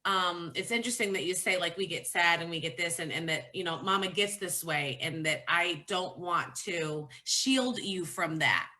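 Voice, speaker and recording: A woman's voice: lowish voice, moderate pace, hardly any pauses, pushed and bright. A pregnant woman talking candidly and from the heart as the featured guest in a casual chat about motherhood.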